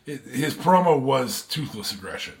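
A man's voice: mid-range voice, big pitch swings, normal speed, vocal fry, darkish tone. A man co-hosting a casual podcast chat, hesitant, with many ums and restarts as he thinks aloud. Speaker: podcast co-host.

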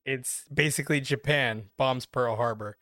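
A man's voice: medium pitch, moderate pace, sharp tone, dry recording, studio quality. A man co-hosting a podcast, rambling and swearing through casual banter and laughing a lot. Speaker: podcast co-host.

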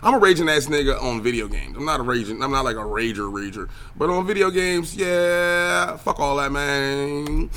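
In a medium-pitched voice, a young podcast host and streamer delivers a casual solo rant on video games and the news, a little fast and with few pauses. He's profane and animated, full of trailing fillers, and a little hiss or hum can be heard.

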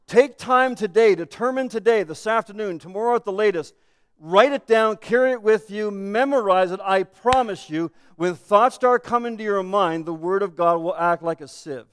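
A man's voice: sits high, animated, normal speed, clean tone. A man preaching a sermon as pastor, earnest and building to emphatic declarations. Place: church sanctuary. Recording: echoey church hall.

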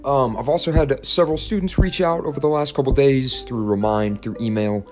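A man who teaches, reading a chapter of a children's novel aloud with a steady storytelling delivery, then chatting casually and haltingly with restarts. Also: mid-range voice, soft background music. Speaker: teacher and podcast host.

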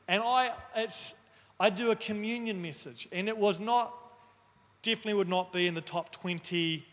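A man, a pastor, telling a personal story in an animated way and acting out the voices of the people in it. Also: sits high, long reverb tail. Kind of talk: storytelling talk.

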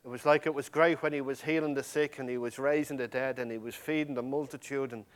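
A man preaching a sermon with passion, swinging from loud emphasis to hushed, near-whispered lines and addressing the congregation directly. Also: on the high side, normal speed.

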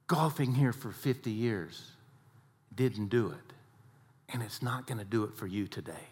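A man telling stories dramatically in a talk with a faith message, swinging between loud and hushed. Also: lowish voice, measured pace, husky. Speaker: speaker, sports psychologist.

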